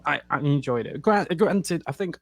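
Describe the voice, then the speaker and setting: A man's voice: a little high, expressive, normal speed, no room sound. A man on a podcast panel, talking in a hesitant, rambling way. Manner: hesitant, rambling, with many fillers and restarts. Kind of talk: casual chat.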